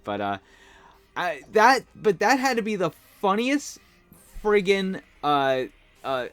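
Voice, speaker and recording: Male podcast host, slightly high voice, excitable and laughing, just getting over a cold. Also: dry recording. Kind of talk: casual solo podcast commentary.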